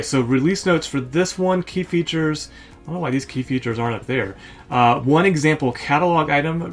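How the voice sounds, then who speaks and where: A man hosting a screen-share walkthrough, reading feature lists aloud in a casual way, with filler words and quick asides. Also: medium pitch. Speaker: host reviewing software store apps.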